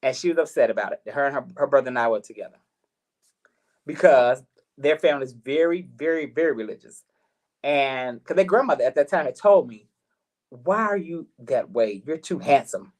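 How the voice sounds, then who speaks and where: Animated man telling a personal story. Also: mid-range voice, brisk. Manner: animated, repeats words, acts out quoted voices. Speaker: host. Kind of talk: live talk show storytelling.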